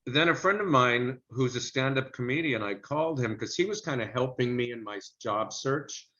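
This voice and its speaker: A man's voice: mid-range voice, expressive, normal speed, sharp tone. A middle-aged man telling a story from his acting career in an interview, chatty and anecdotal. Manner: chatty anecdotal storyteller who slips into character voices for quotes. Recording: muffled lo-fi sound.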